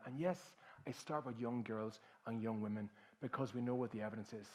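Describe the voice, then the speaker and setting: A Northern Irish man in a room with a live audience, giving a motivational talk at a mid-range pitch. He tells his story vividly, sinks quiet at moments, then rises to loud, rousing appeals that call on the crowd to respond. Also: brisk, few pauses, rough recording. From South Armagh, Northern Ireland. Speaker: keynote speaker.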